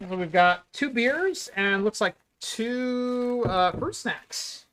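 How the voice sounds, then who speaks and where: A man's voice: extremely high pitch, animated, takes it slowly, a bit bright, smooth. A man co-hosting a casual tech podcast, reading labels aloud and mock-ranting about pronunciation. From United States. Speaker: podcast co-host. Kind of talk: casual chat.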